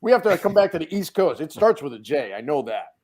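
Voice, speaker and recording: A man from Connecticut telling lively anecdotes on a podcast call, acting out the voices of the people in his stories. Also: fairly high pitch, fast, a crowd in the background. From Connecticut, USA. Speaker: guest. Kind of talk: casual storytelling on a podcast. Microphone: remote video call mic.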